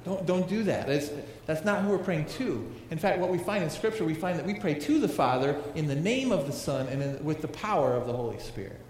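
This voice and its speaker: A man's voice: on the high side, animated, brisk, hardly any pauses, a little mellow. A man preaching a sermon in a conversational way, asking his congregation questions as he goes. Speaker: pastor. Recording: echoey hall with long reverb.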